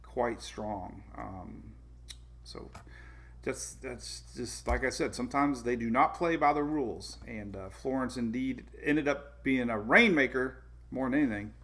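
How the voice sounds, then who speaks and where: A male weather-show host talks through a casual livestream in a gravelly, mid-pitched voice. He rambles, trips over his own points and corrects himself, chuckling as he goes and answering viewers by name. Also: measured pace, a bit bright. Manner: rambling, self-correcting, chuckles often, reads viewer comments.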